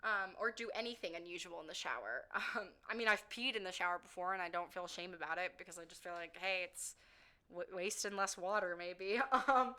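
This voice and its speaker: Young woman vlogger with a bright, tense edge to her voice; loose, rambling answers, lots of "like", pokes fun at herself. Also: on the low side, brisk. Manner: rambling, chatty, frequent "like" fillers, self-deprecating. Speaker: vlogger answering viewer questions. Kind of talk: casual Q&A chat.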